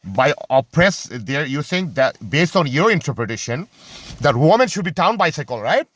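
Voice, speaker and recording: Speaking about religion and society in an unscripted monologue, a man sounds impassioned and argumentative. His voice is on the high side, very animated and fairly bright, and he keeps halting to search for words, restarting with plenty of fillers.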